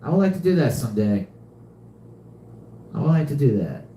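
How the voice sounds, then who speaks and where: A man's voice: medium pitch, sing-song, moderate pace, dark tone, echoey room, slight background noise. A young man hosting a live podcast, chatting casually and often repeating himself. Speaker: podcast host. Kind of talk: casual live-stream chat.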